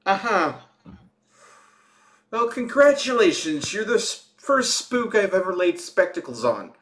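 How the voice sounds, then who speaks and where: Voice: medium pitch, very animated, measured pace, fairly bright tone. A player speaking in character as a flustered museum keeper in a tabletop role-playing game.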